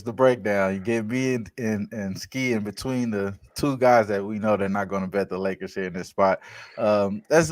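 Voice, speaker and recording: A man co-hosting a sports betting show, energetic and chatty, with casual "man" asides. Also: lowish voice, dry recording. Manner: energetic, talks to his co-hosts with "man".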